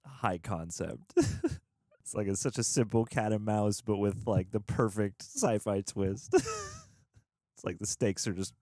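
A man hosting a movie reaction, talking casually and laughing often with loud exclamations. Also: on the low side, wildly swooping pitch, a little slow, no room sound, studio quality.

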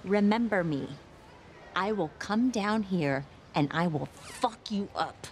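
A woman's voice: medium pitch, lively intonation, takes it slowly, slight background noise. An actress playing a hot-tempered pregnant mother who rants, taunts, then apologizes in a flustered rush. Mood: taunting. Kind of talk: film comedy acting.

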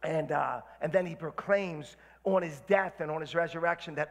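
A man preaching with fiery, rousing energy. His voice sits high for a man and rings through a church hall with a long reverb tail. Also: normal speed, hardly any pauses. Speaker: guest preacher. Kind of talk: sermon. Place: church sanctuary.

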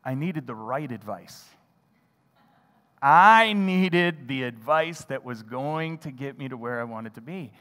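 A man preaching a sermon, telling a childhood story with animated delivery and acting out his own thoughts. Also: mid-range voice, takes it slowly, in a large hall. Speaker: pastor. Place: church sanctuary.

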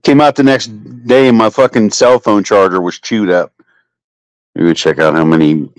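The recording has no echo, and the man speaks at a normal speed as he hosts a relaxed livestream from his home. Expect crude, swear-heavy storytelling with lively pitch swings.

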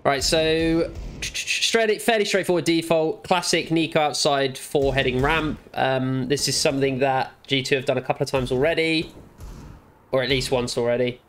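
A man with a mid-range, fairly bright voice talks at a normal, steady pace over slight background noise. He's an esports analyst reviewing a match demo, offering chatty, blunt, joking commentary over the gameplay footage, full of fillers, all while fighting the hiccups.

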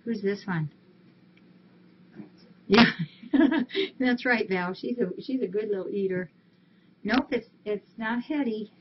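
A woman's voice: mid-range voice, unhurried, pauses often. A woman volunteering at a cat rescue, chatting casually on a live stream and cooing affectionately at the cats. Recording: dull lo-fi stream audio, faint hiss.

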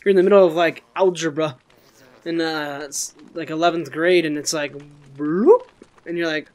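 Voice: mid-range voice, moderate pace, a little mellow. A gaming channel host giving casual let's-play commentary, goofy and rambling, swearing often.

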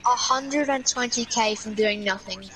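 A woman's voice: on the high side, moderate pace, a bit bright, low-quality recording. A young woman, bantering playfully with a friend while gaming. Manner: playful, teasing. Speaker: gamer. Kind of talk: casual gaming chat.

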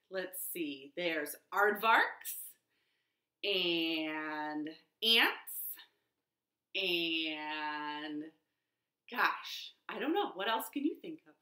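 A woman hosts a children's storytime from her living room, reading picture books and finger rhymes. She speaks very slowly, with a swooping sing-song lilt, coaxing little listeners to join in. Her bright voice rings a little in the echoey room. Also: lowish voice, animated.

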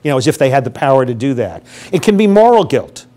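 A man's voice: medium pitch, big pitch swings, fast talker, dark tone. An older man giving a public lecture on grief to a live audience, speaking conversationally, asking the audience questions and acting out what grieving people say.

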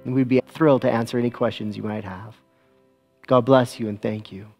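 Male pastor, mid-pitched, gentle and unhurried, faint music in the background. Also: steady tone, gravelly. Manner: gentle, slow and soothing with children. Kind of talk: church service announcements and children's talk. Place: church.

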